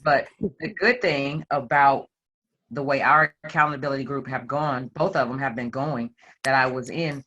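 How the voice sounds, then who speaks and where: A self-employed woman telling a group her personal story with animated, playful delivery and acted-out quotes. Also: rumbling low, moderate pace, dull audio. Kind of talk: candid personal testimony to a group.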